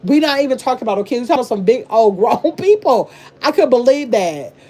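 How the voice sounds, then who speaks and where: A woman's voice: a little high, sing-song, quick pace, warm tone, slightly rough. Chatty older woman reading live chat. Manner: chatty, exclaiming, reads comments aloud. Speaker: livestream host reading chat. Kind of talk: casual livestream chat.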